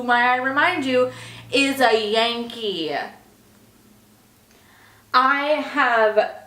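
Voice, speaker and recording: A woman's voice: on the high side, fairly bright tone. A young woman vlogging to camera in a chatty, opinionated way, talking straight to her viewers. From Texas. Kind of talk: casual chat to camera. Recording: echoey room with faint background noise.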